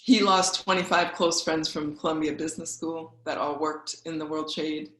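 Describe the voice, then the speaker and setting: A woman's voice: low voice, fairly even intonation, normal speed, fairly bright tone. A woman in her forties, from the US Midwest, telling her personal story as a guest speaker in a candid, conversational way. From Wisconsin, US Midwest. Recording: roomy echo.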